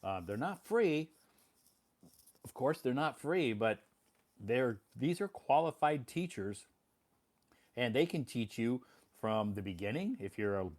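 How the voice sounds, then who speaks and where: A man's voice: medium pitch, darkish tone. A man explaining things to English learners in a casual spoken monologue, plain and repetitive, often apologizing.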